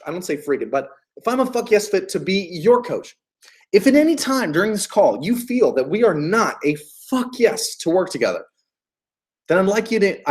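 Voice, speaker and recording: Animated, hyped-up male sales coach. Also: sits high. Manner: emphatic and hyped, repeats key phrases, frequent swearing. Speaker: business coach. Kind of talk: motivational sales coaching talk.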